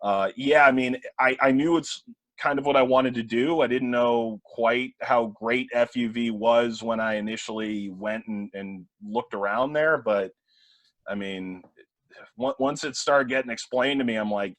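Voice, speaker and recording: A man in his twenties, a play-by-play broadcaster, telling animated anecdotes in a casual interview with many fillers and restarts. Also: medium pitch, a little slow, dry recording. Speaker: play-by-play broadcaster, podcast guest. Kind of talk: casual storytelling chat.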